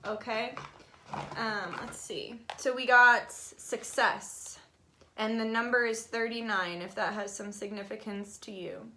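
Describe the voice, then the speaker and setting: Bright, chatty young woman reading tarot. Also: on the high side, a little slow, a little hiss or hum. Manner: chatty and animated, swearing freely. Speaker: tarot reader. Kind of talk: casual tarot reading monologue.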